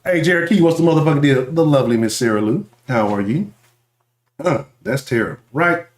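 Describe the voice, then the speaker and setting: A man with a Houston accent hosting a live sports talk stream, ranting loudly and profanely while reading the chat. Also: fairly high pitch, expressive, brisk, reverberant. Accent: Houston Texas. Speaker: sports talk show host.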